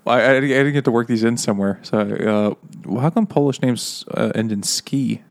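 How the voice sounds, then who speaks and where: A man's voice: mid-range voice, moderate pace, gravelly. A man co-hosting a casual book-and-beer podcast, telling long rambling jokes with plenty of swearing and laughing at his own punchlines. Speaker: podcast co-host. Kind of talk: casual chat over beer.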